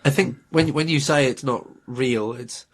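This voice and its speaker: A man co-hosting a podcast, chatting in a gentle, amused way. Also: medium pitch, measured pace. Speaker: podcast co-host. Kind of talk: casual chat.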